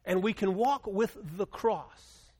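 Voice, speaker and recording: A middle-aged male pastor preaching a sermon, moving between quiet storytelling and loud, impassioned appeals. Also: high voice, slow.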